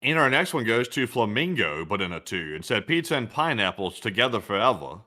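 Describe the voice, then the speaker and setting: A man's voice: on the low side, big pitch swings, fairly quick, pushed and bright. A man with a Southern American accent, co-hosting a show and telling rambling stories in casual chat. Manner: rambling, storytelling with acted-out quotes. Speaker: co-host.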